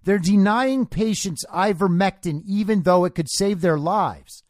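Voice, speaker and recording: A man's voice: high-pitched, a little slow, darkish tone, dry recording, clean studio sound. A man hosting a political commentary show, talking in a combative, sarcastic, lecturing way. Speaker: podcast host.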